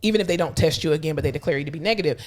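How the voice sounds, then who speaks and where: A woman co-hosting a casual podcast, a hospital clinician telling blunt, animated work stories full of acted-out quotes. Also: sits low, rapid-fire. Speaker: podcast co-host. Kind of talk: casual chat.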